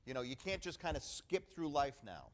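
A man's voice: a little high, big pitch swings, moderate pace. Emphatic male pastor preaching. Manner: emphatic preaching with call-and-response "amen". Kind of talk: sermon.

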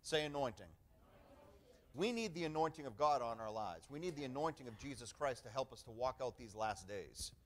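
A man's voice: medium pitch, expressive, brisk, a bit bright. Emphatic male pastor preaching. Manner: emphatic preaching with call-and-response "amen". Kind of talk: sermon.

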